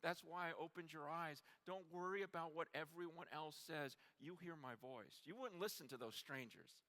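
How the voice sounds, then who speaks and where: Man preaching, impassioned, with stammering restarts; somewhat high, forceful voice. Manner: impassioned, swinging from hushed to near-shouting; halting restarts when moved. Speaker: conference preacher. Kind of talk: sermon.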